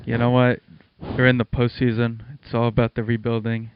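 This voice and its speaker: A man's voice: mid-range voice, monotone, brisk, a little hiss or hum. Chatty man hosting a lo-fi sports podcast. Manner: chatty, laughs often, plugs and segues like a radio host. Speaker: podcast co-host. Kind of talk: casual sports chat.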